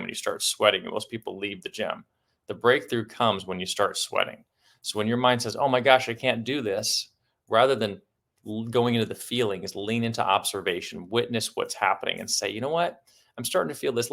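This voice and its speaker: A man's voice: lowish voice, creaky, fairly bright tone. A man guiding a breathwork session, giving encouraging instructions and rhythmic breath cues. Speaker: breathwork coach.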